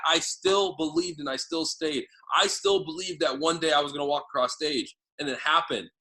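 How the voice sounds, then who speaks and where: A man leading a team sales training, talking excitedly and casually, swearing now and then as he fires up his audience. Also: on the high side, low-quality recording. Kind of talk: motivational training talk.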